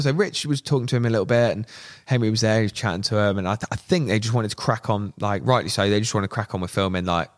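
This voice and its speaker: List man, low pitch, dry room, casual anecdotes, swearing, acts out voices. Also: fast, few pauses, dry recording. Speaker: podcast guest, media manager. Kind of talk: casual storytelling chat.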